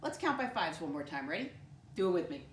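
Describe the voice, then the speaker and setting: Woman teacher for a 1st-grade lesson, slightly low voice, encouraging, recorded from a distance in a roomy space. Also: sing-song, slight background noise. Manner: encouraging, addresses kids as "my friends", spells words out slowly. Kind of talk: first-grade lesson to camera. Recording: echoey room, voice from a distance.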